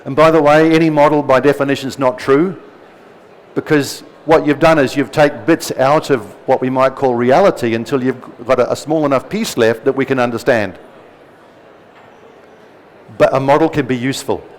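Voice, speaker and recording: A man's voice: mid-range voice, steady tone, moderate pace, poor audio. New Zealand man giving a seminar talk. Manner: conversational, joking asides to the audience. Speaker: seminar speaker.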